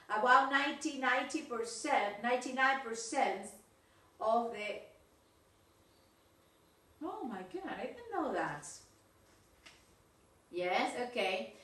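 Bright-voiced teacher in an echoey room. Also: female voice, mid-range voice. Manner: talks through exercises with frequent "yes, okay?" checks. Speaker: English teacher. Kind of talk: recorded video lesson. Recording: echoey room, far from mic.

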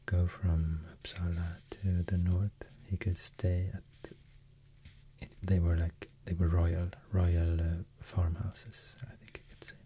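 A man with a Swedish accent speaking softly in ASMR style, half whispering and pausing often with fillers as he rambles through an explanation. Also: low voice, little pitch movement, a little hiss or hum. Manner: soft, mostly whispered, hesitant with many fillers. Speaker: ASMR host.

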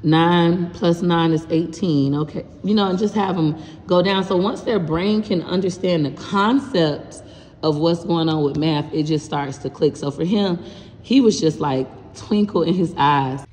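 A woman's voice: fairly low pitch, measured pace, a little mellow, in a large hall. A woman in her thirties, a parent and content creator, talking frankly and casually in a vlog about teaching her son math, swearing now and then. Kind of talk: casual vlog explaining homework help.

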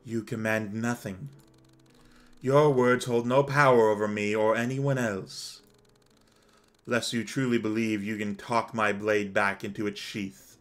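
A man reading lines for a resolute male warrior angel in a low, measured, plain voice. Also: steady tone, close to an everyday voice. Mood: cold resolve.

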